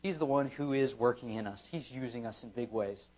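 A man preaching an evening church sermon at a middle pitch. He presses his points through repetition and emphasis. The recording sounds dull and lo-fi. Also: a little fast, a little mellow. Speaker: pastor.

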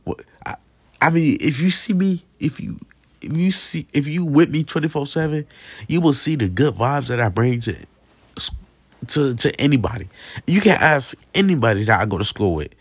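A man's voice: mid-range voice, lively intonation, normal speed, husky, no echo. A young man in a casual, slangy vlog rant, aggrieved and repetitive, often checking in with the listener. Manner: slangy, repetitive, aggrieved, keeps asking "you feel me". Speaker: vlogger. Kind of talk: casual straight-to-camera rant.

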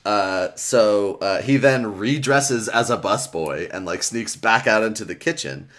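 On a podcast, a man casually recaps a children's book, swearing freely and reading passages aloud in a loose, chatty way. His voice is fairly low and a bit bright, and he takes his time.

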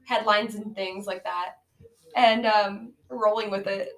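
A woman co-hosting a casual podcast speaks slowly in a mid-range, fairly bright voice with fairly even intonation, captured in poor audio. In a movie-riffing chat, she rambles through a bad film's plot with many fillers and frequent laughs.

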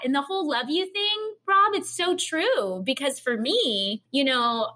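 A woman from the American Midwest, an author and guest, telling stories in a casual interview with quick bursts and laughter. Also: high-pitched, expressive, a bit bright.

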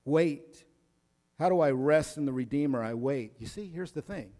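Pastor guy preaching loose and slangy, kinda high voice, big echoey church hall. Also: animated, moderate pace, warm tone. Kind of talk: sermon.

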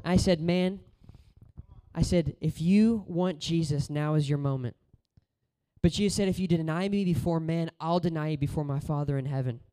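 A man preaching a sermon in a casual, conversational way, telling stories and moving between loud exhortation and quiet, low moments. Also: moderate pace, clear, resonant tone.

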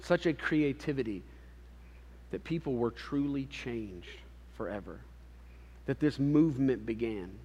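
Animated preaching man in a reverberant hall. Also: medium pitch. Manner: animated storytelling, acting out voices. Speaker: pastor. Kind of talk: sermon.

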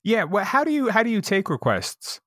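Young dude cohosting a podcast, super animated delivery, swears a bunch, dry close mic. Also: male voice, sits high, normal speed, no room sound. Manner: animated, swears casually, riffs on jokes. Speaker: podcast co-host. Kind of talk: casual podcast banter.

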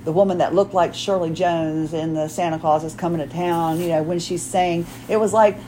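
A woman's voice: fairly low pitch, steady tone, normal speed, warm tone, slight background noise, poor audio. A woman in her forties hosting her own podcast, talking in a chatty, rambling way, often restarting her sentences and acting out quotes. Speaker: podcast host. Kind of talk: casual solo podcast chat.

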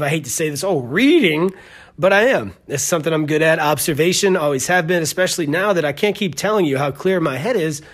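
Rambling, joking podcast host man. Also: on the high side. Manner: rambling, joking, fast tangents. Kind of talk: casual storytelling.

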